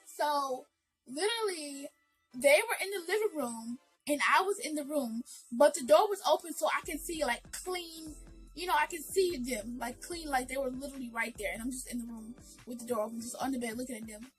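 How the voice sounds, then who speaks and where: Woman doing an emotional storytime vid, high voice, lots of "like" and "you guys". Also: moderate pace, soft background music, low-quality recording. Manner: earnest, addresses viewers directly, many fillers. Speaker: vlogger.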